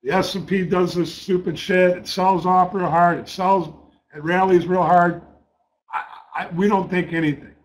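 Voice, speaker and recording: A man's voice: high voice, steady tone, normal speed, rough recording. A middle-aged man telling a trading-desk story in a blunt, profane way, repeating words as he gets worked up. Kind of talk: casual spoken storytelling.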